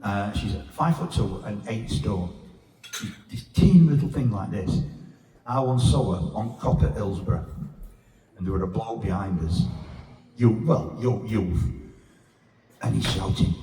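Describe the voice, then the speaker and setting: Crude comedian in an echoey pub. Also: male voice, lowish voice, moderate pace, warm tone. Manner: crude, blunt storytelling with swearing. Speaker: stand-up comedian. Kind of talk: stand-up comedy set. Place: pub comedy room with a live audience. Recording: echoey pub room from far off.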